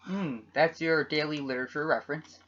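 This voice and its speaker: A man co-hosting a podcast, chatting casually with teasing, deadpan absurd jokes. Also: a little high, a little fast. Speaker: podcast co-host. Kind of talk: casual joking chat. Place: home room at a computer. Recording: dull lo-fi home computer mic.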